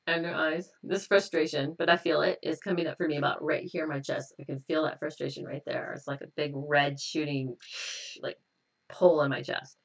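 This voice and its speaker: Lady on a live stream leading a tapping session, low-ish voice, laughs a lot, bit off mic. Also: normal speed, gravelly, distant mic, low-quality recording. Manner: relaxed, chatty, laughs often, repeats affirmations. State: a little tired and stressed. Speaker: hypnotist leading a tapping exercise.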